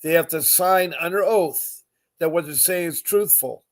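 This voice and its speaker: A man hosts a live podcast in a slightly higher voice. He talks earnestly and with feeling, repeats words for emphasis and stops to greet his viewers. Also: measured pace. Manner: emotional, repetitive, earnest. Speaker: podcast host.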